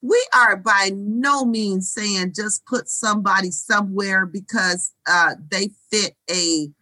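Slow-talking earnest woman co-host. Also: mid-range voice, pushed and bright, rough recording. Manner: deliberate, earnest, stresses key words. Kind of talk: casual chat.

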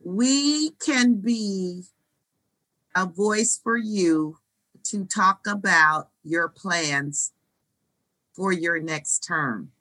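A woman co-host with a bright voice and a slow, deliberate delivery. She speaks earnestly and leans hard on the words that matter. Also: on the low side, rough recording. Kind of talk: casual chat.

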